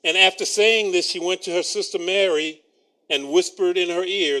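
A man's voice: sits high, fairly even intonation, normal speed, pushed and bright. A man preaching a sermon, reading scripture and breaking in with wry asides and chuckles.

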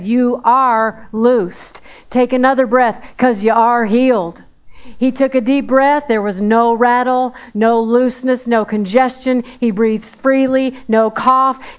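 A woman's voice: fairly high pitch, clear, resonant tone. A woman preaching a sermon in a conversational way, repeating phrases for emphasis.

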